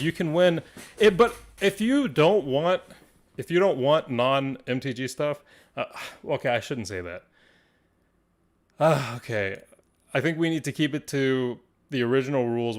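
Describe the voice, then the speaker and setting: A man hosting a live stream from a card shop, talking to viewers in an excitable, rambling way and laughing often. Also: medium pitch. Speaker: livestream host of a card shop.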